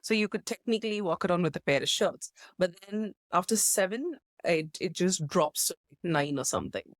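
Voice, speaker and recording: A woman's voice: on the low side, lively intonation, normal speed, no echo, studio quality. A woman co-hosting a casual podcast, telling stories animatedly and laughing often. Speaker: podcast co-host. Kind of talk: casual chat.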